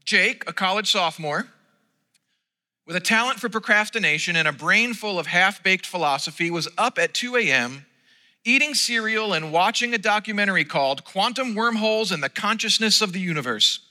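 A man's voice: high-pitched, lively intonation, moderate pace, sharp tone. A man preaching a sermon from the stage of a church, opening with a playful story and then speaking earnestly. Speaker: pastor. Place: church sanctuary. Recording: long reverb in a church hall.

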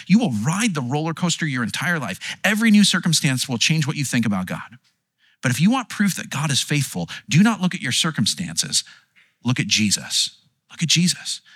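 A man delivers a sermon with a husky, slightly breathy voice that swoops widely up and down as he presses each point. His pitch sits a bit above the usual male range, and the sound is close and dry, with no room around it. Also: fairly bright tone, dry recording. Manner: earnest, with frequent restarts and acted-out quotes. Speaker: pastor.

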